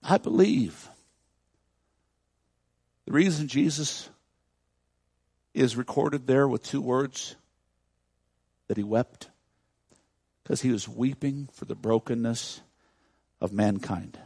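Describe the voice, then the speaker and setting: A man preaching a sermon as a pastor, moving from quiet, close talk to loud, shouted preaching. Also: medium pitch, slow pace, pauses often, breathy edge, dry recording. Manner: swings from hushed intimacy to loud shouting preaching. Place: church.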